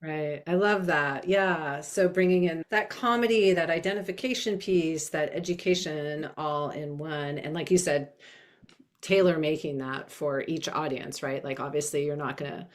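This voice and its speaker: A woman with a deep, low voice hosting a podcast. She talks casually, nods along with the guest's points and follows up with interested questions. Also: unhurried. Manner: warm, affirming, asks questions. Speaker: podcast host.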